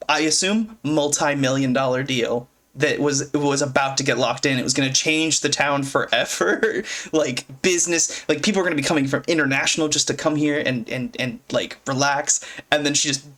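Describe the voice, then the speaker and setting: Man, a bit high-voiced, loose rambling podcast co-host who laughs a lot. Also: moderate pace, hardly any pauses, a bit bright. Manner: rambling and giggly, full of "like". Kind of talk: casual podcast chat. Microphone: own mic, muting at times.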